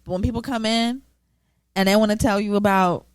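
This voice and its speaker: A woman's voice: medium pitch, steady tone, brisk, no room sound. A woman co-hosting a casual podcast chat, blunt and emphatic, swearing freely. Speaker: podcast co-host.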